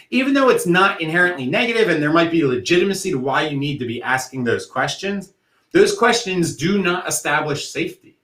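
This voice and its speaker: A man presenting an educational workshop, explaining things in a steady way and using vivid analogies. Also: fairly high pitch, a little fast. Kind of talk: educational talk. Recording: echoey room.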